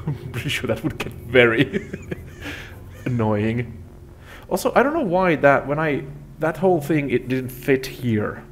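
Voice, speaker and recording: A man's voice: mid-range voice, big pitch swings, measured pace, slight background noise. A man hosting a let's play, giving rambling, self-deprecating gameplay commentary.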